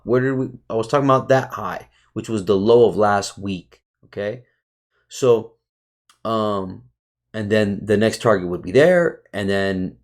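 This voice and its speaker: A man narrating a screen-share market review, casual and full of restarts, who turns into a profane, heated rant at his viewers. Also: fairly low pitch. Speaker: trading educator.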